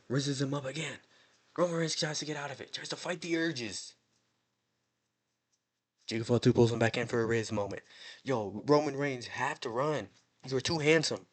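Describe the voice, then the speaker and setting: Joking, rambling young man. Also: mid-range voice. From United States. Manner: joking, rambling, mock-dramatic. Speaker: wrestling show recap host. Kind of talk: casual chat.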